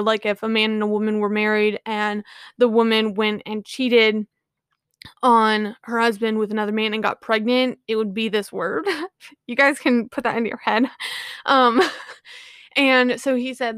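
A woman's voice: a little high, level tone, moderate pace, a bit bright, smooth, dry recording, clean studio sound. A woman casually retelling a myth to her viewers, rambling with lots of "like" and "you know".

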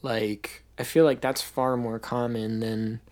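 Co-host, slow and deliberate, hesitant and reflective, lots of "um" and "like". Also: medium pitch, little pitch movement, a little mellow. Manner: thoughtful, hesitant, many fillers. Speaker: podcast co-host. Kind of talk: casual podcast chat.

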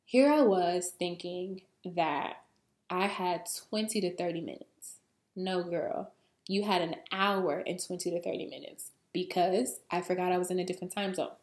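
A woman hosting a podcast, telling a story in a casual, animated way, full of slang, swearing and laughter, then giving spiritual advice. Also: on the low side, measured pace. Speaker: podcast host and spiritual coach. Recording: roomy echo.

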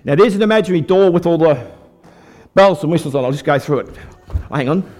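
Here a slightly high-voiced older man from Australia talks fast as he delivers a testimony sermon. He tells his faith story in a folksy way to a church audience, keeping things animated with the people listening.

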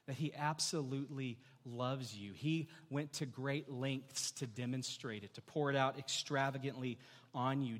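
A man's voice: medium pitch, long reverb tail. A man in his thirties preaching a sermon as pastor, earnest, often restarting with repeated words and putting questions to the congregation.

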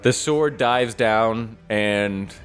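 A man's voice: on the low side, drawn-out words, faint music behind. A man narrating as game master for a tabletop game, playful and often laughing.

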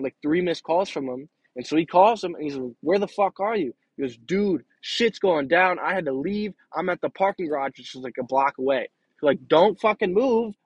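A man's voice: fairly high pitch, no room sound, dull audio. A young man hosting a podcast, telling a long rambling story in casual, profane talk, often with laughter. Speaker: podcast host.

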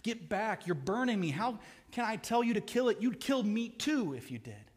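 A man's voice: high-pitched, a little fast, in a large hall. A male pastor voicing a timid, pleading male ghost who begs anxiously. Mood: alarmed. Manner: anxious, whining, begging.

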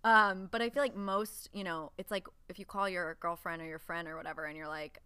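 A woman's voice: fairly low pitch, fairly even intonation, a little fast, hardly any pauses, bright, forceful tone, smooth, no echo. Young woman, podcast co-host, casual profane banter, dry close sound. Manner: candid, profane, laughs often. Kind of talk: casual chat.

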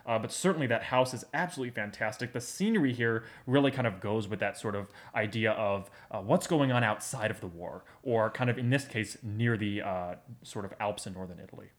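A man's voice: fairly low pitch, brisk, hardly any pauses. A man co-hosting a podcast in casual chat, enthusiastic and rambling with lots of fillers. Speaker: podcast co-host.

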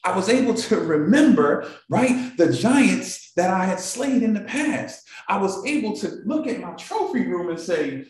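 A man's voice: sits high, big pitch swings, a little slow, hardly any pauses, a little mellow. A man hosting a morning show, giving an emotional motivational talk to a live audience and repeating phrases for emphasis. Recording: very echoey room.

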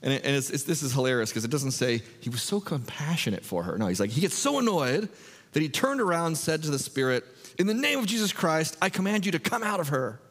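A man preaching a sermon, retelling a story in a conversational, animated way with filler words. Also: medium pitch, long reverb tail. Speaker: pastor. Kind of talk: expository sermon.

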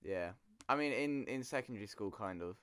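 A man's voice: lowish voice, animated, a little fast, fairly bright tone, clear, resonant tone, no room sound. A man from England with an English accent, a musician guest chatting casually, hesitant and self-deprecating. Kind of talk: casual chat.

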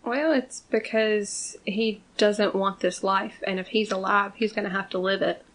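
A woman in casual chat, giving calm, measured views on a TV show's characters. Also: medium pitch. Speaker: podcast co-host.

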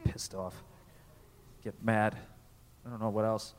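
A man from Connecticut doing live stand-up comedy, animated, profane and self-deprecating, on a festival stage before an audience. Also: fairly low pitch, slow. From Connecticut, USA. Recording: reverberant live venue.

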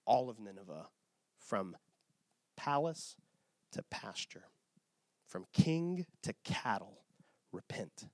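Pastor preaching a lively, casual sermon. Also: male voice, mid-range voice, no room sound, clean studio sound. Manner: animated storytelling, casual asides, repeated "okay?". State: tired from little sleep.

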